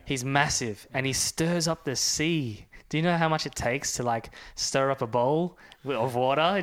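A man's voice: mid-range voice, moderate pace, few pauses, a bit bright, clear, resonant tone. A young man, a church minister, sharing an earnest personal testimony and reading scripture aloud with growing force. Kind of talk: personal testimony in a faith conversation.

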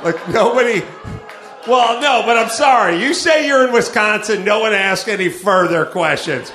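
A man's voice: sits high, animated, normal speed, bright, forceful tone, soft background music. A middle-aged man from Los Angeles hosting a live comedy show, riffing and acting out the people he quotes. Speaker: podcast host. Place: comedy club stage. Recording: roomy live club sound.

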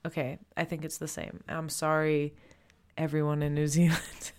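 A woman's voice: low voice, completely flat delivery, normal speed, a little mellow. A woman presenting art in casual chat, chatty, laughing often and saying "like" a lot.

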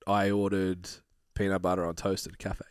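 A man co-hosting a podcast in casual chat, wry and quick to laugh, with casual swearing. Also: deep voice, level tone, smooth, dry recording, studio quality. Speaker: podcast co-host.

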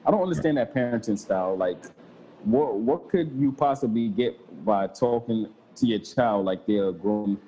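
Laid-back low-voiced man in his thirties. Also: normal speed, low-quality recording. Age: 30s. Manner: relaxed, laid-back slang, frequent swearing. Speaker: father chatting with a friend. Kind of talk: casual chat.

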